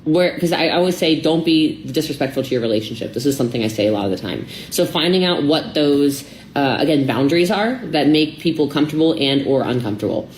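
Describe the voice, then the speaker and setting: A woman guest on a podcast tells a rambling personal story and acts out bits of dialogue. Her voice sits low but swings widely up and down. The sound is roomy, with faint ambient noise behind her. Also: expressive, fast, hardly any pauses, darkish tone. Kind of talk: casual podcast conversation.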